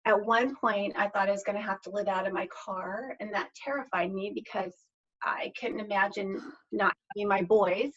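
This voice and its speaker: A woman's voice: medium pitch, steady tone, normal speed, a bit bright. Middle-aged woman on a podcast, earnest storytelling, keeps restarting phrases, slightly muffled lo-fi audio. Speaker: podcast guest. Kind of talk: personal storytelling in a podcast interview.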